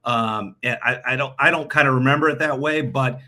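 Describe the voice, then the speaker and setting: A man's voice: medium pitch, a little fast, sharp tone. A middle-aged man from New England, a team broadcaster chatting as a guest, rambling with lots of restarts and repeated words. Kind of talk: casual interview chat.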